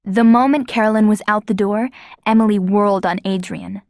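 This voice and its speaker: A woman with a mid-range voice narrates an audiobook from a script, lively and expressive like a storyteller. She speaks at normal speed, and the recording is dry and studio quality.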